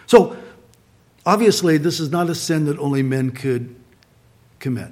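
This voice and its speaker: A middle-aged man preaches in a slightly high voice, earnest and conversational. He slows down to stress his points and talks to his listeners directly as their pastor. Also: lively intonation, darkish tone. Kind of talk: sermon.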